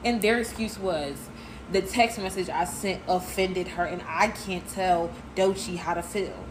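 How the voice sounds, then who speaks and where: A woman's voice: lowish voice, a little slow, background noise. A woman telling a personal story in a casual, emphatic way, speaking straight to her listeners. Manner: emphatic, addresses listeners as y'all.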